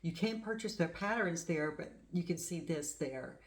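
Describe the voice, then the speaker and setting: A middle-aged woman with a fairly low voice talks in a loose, chatty way. She rambles and gushes over small things, like a craft channel host showing off her work. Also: animated, moderate pace. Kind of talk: casual show-and-tell chat.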